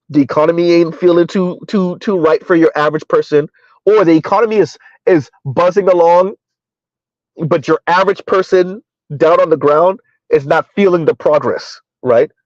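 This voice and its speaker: Running his commentary channel's live stream, a middle-aged man chats casually and rambles, dropping frequent fillers and short laughs. His slightly high voice has a little mellowness to it. The sound is dull, lo-fi, dry and close.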